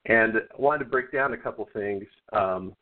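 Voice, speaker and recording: A man's voice: on the low side, normal speed. Earnest male caller on a tinny phone line. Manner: earnest, argumentative, frequent restarts. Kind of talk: call-in phone conversation. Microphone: telephone.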